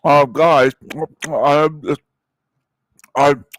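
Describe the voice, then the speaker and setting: A man's voice: on the high side, fairly even intonation, extremely slow, slight background noise. Man mocking a mumbling guy with a full mouth. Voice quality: mumbling, hesitant, full of fillers. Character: mumbling male online rival talking with his mouth full.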